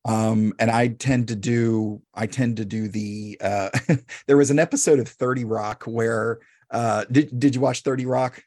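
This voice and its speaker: A man hosting a podcast, who tells stories in a chatty, animated way and often restarts his phrases. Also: mid-range voice, unhurried, no room sound, clean studio sound. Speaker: podcast host. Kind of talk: casual podcast conversation.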